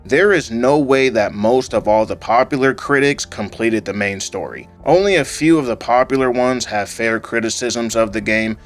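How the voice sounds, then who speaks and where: A man reading a scripted gaming video essay into a home microphone, in a calm, fairly monotone way with occasional rises. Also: mid-range voice, normal speed, hardly any pauses. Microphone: home microphone voice-over. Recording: faint background music under voice-over.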